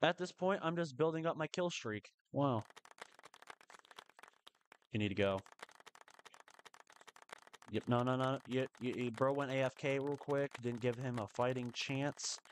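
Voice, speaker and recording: A man giving live commentary on his own gameplay, excitable and quick to burst into strings of repeated protests. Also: mid-range voice, a little hiss or hum. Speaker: live streamer.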